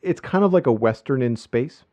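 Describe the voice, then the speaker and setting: A man's voice: medium pitch, lively intonation, a little fast, warm tone, no echo. A man chatting on a podcast in a loose, rambling way, with many restarts and fillers. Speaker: podcast host. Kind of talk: casual podcast chat. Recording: muffled lo-fi podcast audio.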